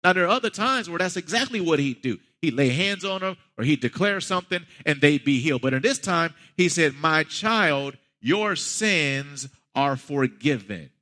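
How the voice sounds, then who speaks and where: A man's voice: on the high side, lively intonation, fairly quick, hardly any pauses, sharp tone, big-room sound. A man preaching a sermon as a pastor, talking conversationally and building to emphatic peaks.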